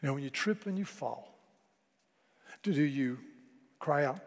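A man preaching a sermon, telling stories and dropping to a hush for emphasis. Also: mid-range voice, lively intonation, normal speed, pauses often. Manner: storytelling, drops to a hush for emphasis. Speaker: pastor. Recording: long hall reverb.

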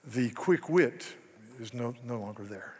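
Older man preaching with husky fervor. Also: medium pitch, animated, measured pace, big-room sound. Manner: starts quiet and reflective, then rises to fervent pleading. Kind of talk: devotional sermon.

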